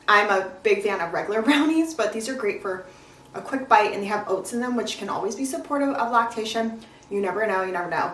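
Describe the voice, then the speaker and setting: A woman's voice: medium pitch, fairly bright tone, a little hiss or hum. A young woman chatting casually in a cooking vlog, talking while she eats and walks through ingredients. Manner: chatty, talks while eating. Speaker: vlogger. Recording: echoey room, mic at a distance.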